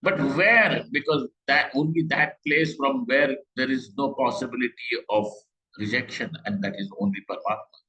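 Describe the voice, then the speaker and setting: A middle-aged man giving a scripture class, talking conversationally with rhetorical questions and slow Sanskrit quotes. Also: medium pitch, pushed and bright, rough recording. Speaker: Vedanta teacher.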